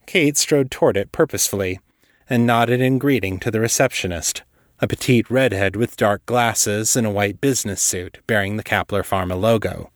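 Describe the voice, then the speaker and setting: A man reading a story aloud as narrator in a steady, measured way. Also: fairly low pitch, dry recording, studio quality. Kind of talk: scripted narration.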